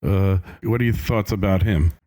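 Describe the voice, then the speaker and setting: A man's voice: sits low, normal speed, mellow. A man hosting a financial podcast interview, agreeable and easygoing, with plenty of fillers. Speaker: podcast host.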